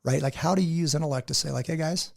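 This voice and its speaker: A man speaks quickly in an earnest, conversational way, with a gravelly, slightly husky voice. He tells stories and acts out what others said, at a middle pitch. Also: a little mellow. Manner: earnest, storytelling, acts out quotes. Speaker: podcast guest. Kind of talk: casual conversation.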